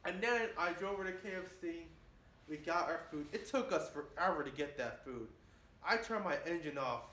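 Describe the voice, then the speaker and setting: A man's voice: a little high, animated, normal speed, bright, forceful tone. A man in his twenties rambling boastfully in a casual monologue, often saying "man". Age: 20s. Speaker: vlogger. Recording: echoey room with faint hiss.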